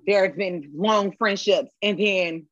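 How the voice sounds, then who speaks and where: A woman's voice: medium pitch, slow pace, no echo, muffled recording. A woman talking as a guest in a casual podcast chat, loose and conversational, circling back with fillers. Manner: conversational, repeats filler words.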